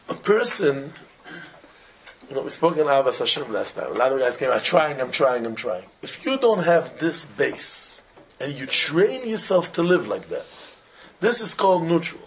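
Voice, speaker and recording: A man teaching an informal religious class, telling animated everyday stories in simple, broken English with Hebrew and Yiddish terms mixed in. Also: a little high, measured pace, pauses often, slight background noise. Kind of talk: informal Torah talk with stories.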